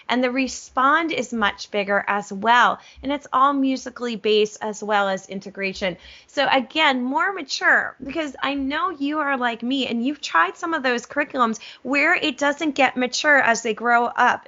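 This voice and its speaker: A middle-aged woman music teacher walks a webinar audience through a curriculum with animated, gushing enthusiasm and self-aware asides. Her voice sits a touch high and sounds very bright and forceful. The audio is a little dull and lo-fi, like a computer mic on a video call.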